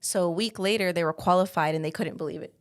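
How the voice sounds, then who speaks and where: A woman's voice: fairly low pitch, fast talker. A woman working as a realtor, chatting as an interview guest and telling stories with lots of "like" fillers. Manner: chatty storytelling with frequent "like" fillers. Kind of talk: casual interview talk.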